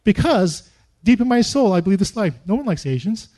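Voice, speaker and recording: A middle-aged man preaching a sermon, telling stories and acting out his own prayers with lively, animated delivery. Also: high-pitched, brisk. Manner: animated storytelling with acted-out prayers. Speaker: pastor.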